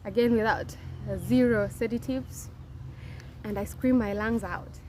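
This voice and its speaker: A woman's voice: a little high, fairly even intonation, unhurried, a little mellow, a little hiss or hum. A young woman casually telling her birth story to viewers, chatty and direct.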